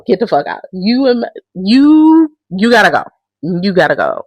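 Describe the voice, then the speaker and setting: Blunt, profane woman with a lively voice. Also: mid-range voice, measured pace, husky, no echo. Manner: blunt, profane, animated storytelling. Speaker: reality show recap host. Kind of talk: casual recap commentary.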